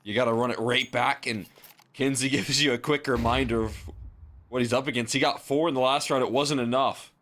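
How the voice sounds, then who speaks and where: Laid-back esports color caster. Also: male voice, mid-range voice, fairly even intonation, fairly quick, a bit bright. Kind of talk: live color commentary.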